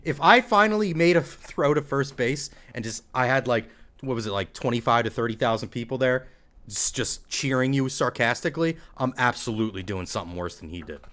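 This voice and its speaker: A man trades wry sports banter on a casual livestream. His pitch jumps around a lot, loud on the punchlines and dropping low for muttered asides. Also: expressive, brisk. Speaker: podcast co-host.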